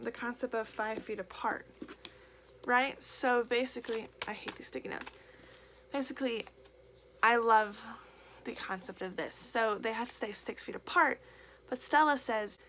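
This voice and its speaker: Emotional young woman with a gravelly voice. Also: on the high side, pushed and bright, a little hiss or hum. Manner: gushing, emotional, repeats herself with many fillers. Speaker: book reviewer. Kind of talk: casual book review vlog.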